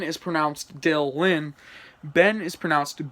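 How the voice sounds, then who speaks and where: A man's voice: a little high, steady tone, measured pace, a bit bright. A man reading his homemade story aloud, with chatty asides and small stumbles. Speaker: channel creator.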